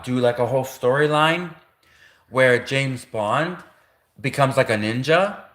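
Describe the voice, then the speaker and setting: A man's voice: medium pitch, bright, forceful tone, reverberant. A man hosting a livestream, talking in a rambling, casual monologue full of fillers. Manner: rambling, heavy on fillers and restarts. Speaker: livestream host.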